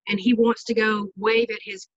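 A woman chatting quickly and apologetically with friends on a group video call. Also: medium pitch, level tone, no echo. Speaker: regular group member. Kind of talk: casual chat. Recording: dry, muffled video-call audio.

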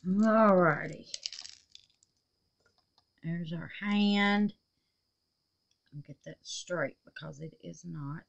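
A woman's voice: on the low side, drawn-out words, creaky, pauses often, dull audio. A woman chatting folksily while assembling a resin clock at home, tired and huffing, with frequent exclamations and laughs. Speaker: resin craft vlogger. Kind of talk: casual crafting chat.

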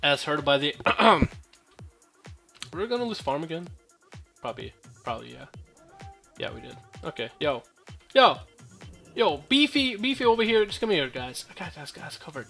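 A man's voice: on the high side, very animated, moderate pace, creaky, pauses often, sharp tone, soft background music. A young man giving casual, joking gameplay commentary, full of profane trash talk and rambling asides.

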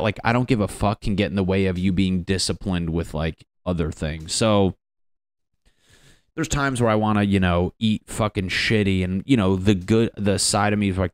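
A man's voice: fairly low pitch, measured pace, smooth, dry recording. A man from Connecticut hosting a solo comedy podcast, riffing in a profane, self-mocking way. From Connecticut, USA. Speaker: podcast host.

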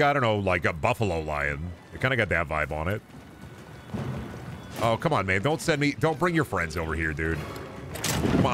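A young man casually commentating his gameplay, rambling, joking and swearing freely. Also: fairly low pitch. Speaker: streamer. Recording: game music playing behind.

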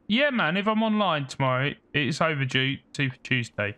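A man's voice: a little high, expressive, moderate pace, sharp tone, clean tone. A man giving casual gameplay commentary, chatting and muttering to himself as he plays. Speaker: gaming streamer.

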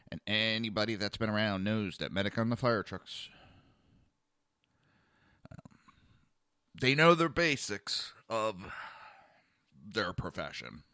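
With a lowish, clear, resonant voice, this talk show host delivers a blunt, animated story as a casual monologue, performing the voices of the people he quotes. It's recorded dry at studio quality.

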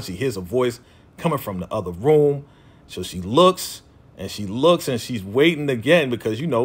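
A man talking casually as a TV recap vlogger, loosely quoting characters in his own voice with lots of fillers. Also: mid-range voice. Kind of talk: casual chat.

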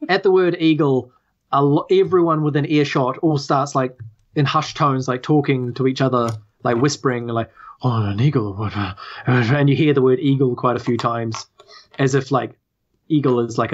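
A woman's voice: a bass voice, fairly even intonation, moderate pace, lo-fi sound. A woman with a New Zealand accent narrating as game master, hesitant with many fillers.

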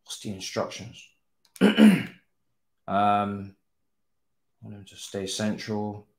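Exasperated young man, low voice, echoey. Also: big pitch swings, takes it slowly, creaky. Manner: exasperated, swearing, frequent sighs. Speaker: gaming streamer. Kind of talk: live gameplay commentary.

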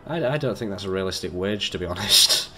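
A British gamer with a deep, sharp-toned voice gives fast, animated let's play commentary. He's chatty and joking, swearing and talking to himself as he builds.

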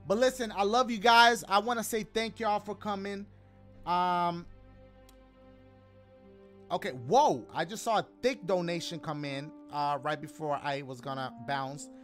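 A man's voice: sits high, unhurried, a bit bright, faint music behind. A man streaming a game, chatting casually and reading donations in loose slang with joking asides. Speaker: gaming streamer.

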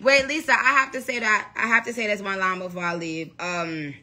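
A woman's voice: medium pitch, steady tone, fairly quick, bright, forceful tone. A woman putting on a brash Jamaican patois voice, rattling off rhymes in a bouncy, half-chanted sing-song during a livestream. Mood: brash, playful. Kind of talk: livestream patois lyric recital.

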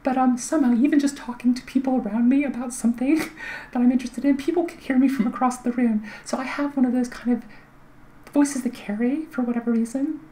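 Offering voice tips, a woman vlogger chats a little fast in a casual style peppered with fillers and restarts. Her light voice sits high and carries little volume, with a steady, warm tone, but the audio quality is poor.

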